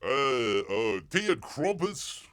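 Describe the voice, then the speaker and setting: A man's voice: mid-range voice, big pitch swings, slow, fairly bright tone, dry recording, pitched above the performer's own voice. A man putting on an over-the-top fake Cockney accent as a jokey British greeter, in an exaggerated singsong way. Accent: mock Cockney English.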